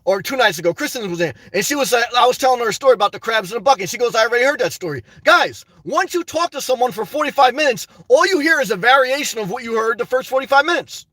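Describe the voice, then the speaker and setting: A man's voice: extremely high pitch, animated, quick pace, hardly any pauses, pushed and bright, no room sound. A man venting and telling stories to his viewers in a rambling, casual monologue, often calling them "guys.". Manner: rambling, storytelling, frequent "guys" asides and laughs. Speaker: YouTuber.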